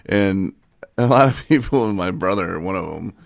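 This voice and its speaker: A low-voiced man with a gravelly edge tells stories in a loose, joking way, acting out the people he met. He teases and laughs freely, and the sound is dry and close, without room echo. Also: lively intonation, normal speed. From Michigan, USA. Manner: teasing, acts out little scenes, laughs often. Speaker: podcast co-host. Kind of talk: joking casual chat.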